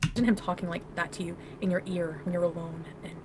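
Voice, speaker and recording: A woman's voice: on the low side, quick pace. A woman in casual live-stream chat, rambling and giggly as she overshares, heard as a clip played back within another stream. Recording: clip played in a stream with steady background noise.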